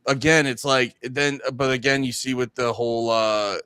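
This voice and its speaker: A man co-hosting a podcast in casual chat. He talks in an animated way and keeps jumping into mocking voices of other people. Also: mid-range voice, moderate pace, clean tone, dry recording. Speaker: podcast co-host.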